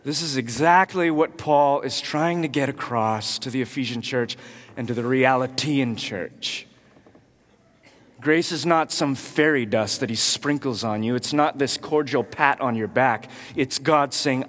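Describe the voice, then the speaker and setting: Storytelling preacher with a hall echo. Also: male voice, mid-range voice, a little slow. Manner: storytelling, animated, with loud acted outbursts. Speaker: pastor. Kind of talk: sermon. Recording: long hall reverb.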